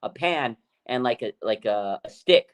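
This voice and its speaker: A man hosting a casual sports chat, telling stories in an excitable, emphatic way. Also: mid-range voice, measured pace, smooth. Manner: excitable storyteller, animated and emphatic. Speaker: podcast host.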